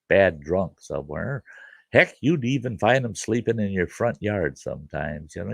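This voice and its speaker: Gravelly folksy man telling a story. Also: sits low, no room sound. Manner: folksy, rambling, with fillers like "you know". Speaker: host and storyteller. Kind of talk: casual spoken storytelling.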